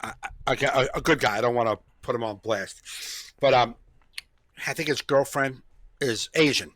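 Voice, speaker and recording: Bright-voiced male comedian host. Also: medium pitch, moderate pace, no room sound. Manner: storytelling, profane, with restarts. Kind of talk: casual chat.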